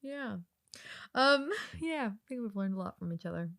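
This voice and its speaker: A woman from the States talks through a casual podcast chat, open about her feelings and laughing easily. Her voice is smooth and resonant, recorded dry and close. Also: fairly high pitch, expressive, moderate pace, a bit bright, no echo. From United States. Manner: emotional, laughs often, many fillers. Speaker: podcast co-host.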